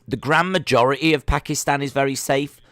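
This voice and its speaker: A man's voice: mid-range voice, brisk, a bit bright, no echo, studio quality. A man hosting a casual live watch-along stream, chatting and reading search results and chat messages aloud.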